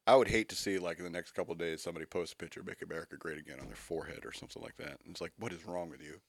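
A man's voice: deep voice, fairly even intonation, racing, vocal fry, breathy edge. A man hosting a radio show, reading news items aloud and adding wry, joking asides in casual banter.

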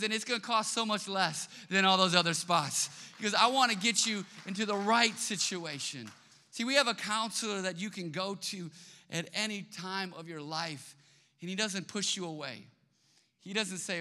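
A man preaching a sermon as pastor in a church, telling a story with lively quoted voices. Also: high voice, normal speed. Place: church sanctuary. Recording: long reverb of a large hall.

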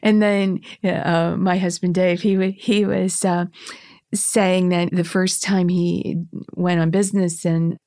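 A woman's voice: on the low side, level tone, takes it slowly, dark tone, no room sound, clean studio sound. A woman in her sixties telling stories as a guest in casual conversation, chatty and laughing often, with many restarts. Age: 60s.

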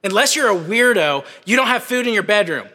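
Young male campus preacher, high, bright, animated sermon, hall reverb. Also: fairly quick. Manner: animated, conversational, shouts at peaks.

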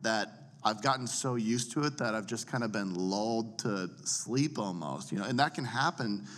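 A man coaching others on public speaking in a casual teaching chat, animated and fond of acting out examples. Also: normal speed. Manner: animated, demonstrates voices by swinging pitch widely. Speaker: preaching coach.

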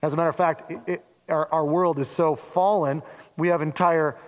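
A pastor from Oregon giving a relaxed, chatty sermon. His voice sits high for a man, and he keeps breaking into lively acted-out asides. The sound carries a long reverb, as in a church hall. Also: moderate pace. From Oregon, USA. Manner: conversational preaching with playful acted-out asides.

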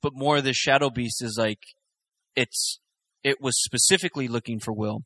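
A man chatting casually as a podcast co-host, talking in a halting way with many restarts. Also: medium pitch, sharp tone, dry recording. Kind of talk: casual chat.

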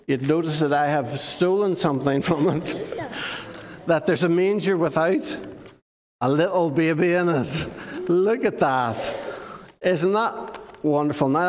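A man with a fairly high voice tells church stories to children with plenty of energy, stopping often to ask his young listeners questions. His voice rings out with the long echo of a large hall. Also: a little hiss or hum. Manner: animated, asks the listeners questions. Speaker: preacher giving a children's talk. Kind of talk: lively storytelling sermon to children.

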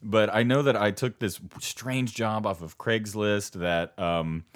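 A young man with a very deep voice chats casually on a podcast. He rambles through stories and often laughs. His sentences often trail off before he finishes them. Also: fairly even intonation, unhurried. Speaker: podcast co-host.

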